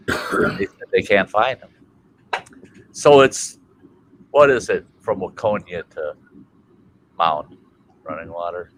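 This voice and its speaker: A man from Minnesota hosting a casual chat stream, telling a family story in a colorful, animated way and swearing freely. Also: on the low side, slow pace, long pauses, slight background noise, poor audio. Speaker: livestream host.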